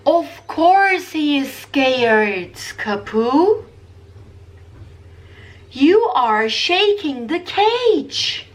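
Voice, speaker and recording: A kindly grandmother asks her questions softly and gently, as a woman reading a picture book plays her. Her voice is fairly high and swoops up and down, and she speaks very slowly. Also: sing-song, full character voice. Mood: scolding.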